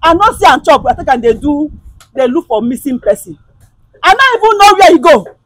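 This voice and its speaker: A middle-aged woman with a Nigerian accent, playing a heartbroken, furious mother who shouts, sobs and scolds her returning daughter in a skit. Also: sits high, big pitch swings, a little fast, low-quality recording. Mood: grieving.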